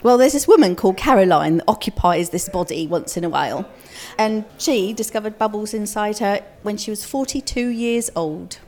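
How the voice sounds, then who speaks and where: A woman's voice: medium pitch, animated, normal speed, a little mellow. A middle-aged woman who works as a clown, answering interview questions earnestly.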